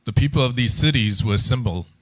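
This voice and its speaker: A man reading scripture aloud in a steady, measured way during a Bible class. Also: medium pitch. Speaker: scripture reader.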